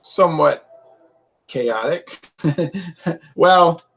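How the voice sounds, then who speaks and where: A man's voice: on the high side, lively intonation, drawn-out words, fairly bright tone, highs cut off, faint music behind. A man reviewing beer in a casual, chatty way, laughing often and reading out viewer comments to his live audience.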